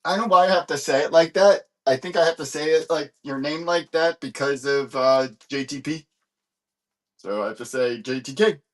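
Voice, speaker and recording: A man's voice: fairly high pitch, moderate pace. A man hosting a live comic book sale, chatting casually and rambling with many fillers while he searches for stock. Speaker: live-stream comic seller.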